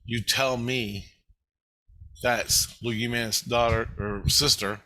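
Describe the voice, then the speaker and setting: A man's voice: mid-range voice, fairly even intonation, slow pace, sharp tone. A man talking straight to the camera in a rambling monologue, agitated and swearing constantly. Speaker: vlogger. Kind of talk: rambling first-person monologue.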